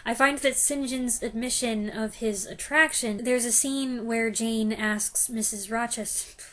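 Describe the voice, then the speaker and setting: Her voice runs high, steady, and fairly bright, and she takes her time. A young film reviewer, she fumbles her lines in a blooper reel of review takes, restarting and laughing at her own mistakes.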